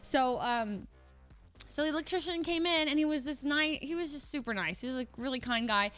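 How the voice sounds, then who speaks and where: A young woman with a somewhat high voice tells a story in a loose, rambling way. She laughs often and acts out the people she quotes in a higher voice. Her delivery is casual and animated. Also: brisk, soft background music. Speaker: streamer.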